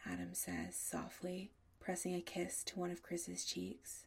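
A woman narrating an audiobook in a soft, often half-whispered delivery. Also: fairly low pitch, sing-song, measured pace, gravelly, hardly any pauses, breathy edge.

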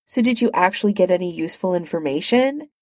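A woman's voice: on the low side, expressive, fast, darkish tone, no room sound, natural voice. A woman reading a firm, earnest soldier hero.

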